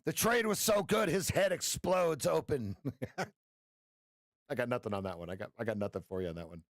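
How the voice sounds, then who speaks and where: A man's voice: medium pitch, fairly quick, dry recording, clean studio sound. A man coaching viewers through trades on a live stream, playful and jokey, breaking into sound effects. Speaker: trading coach. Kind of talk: live-stream trading commentary.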